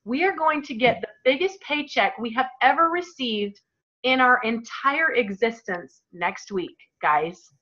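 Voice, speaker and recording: A woman's voice: fairly high pitch, expressive, unhurried, pushed and bright. A woman in her thirties leading a team call, giving an emphatic, emotional motivational talk. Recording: dull lo-fi call audio.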